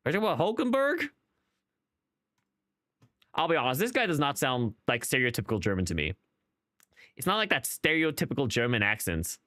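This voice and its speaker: A man's voice: fairly high pitch, fairly bright tone, dry recording, studio quality. A man streaming a game who rambles through casual commentary, questioning himself and restarting his sentences often. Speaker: gaming streamer.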